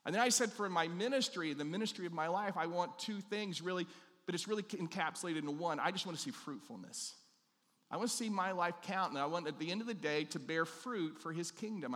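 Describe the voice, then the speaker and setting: A male pastor preaching a sermon, telling a story and acting out the quoted lines, dropping his voice low on the key questions. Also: a bit bright, big-room sound.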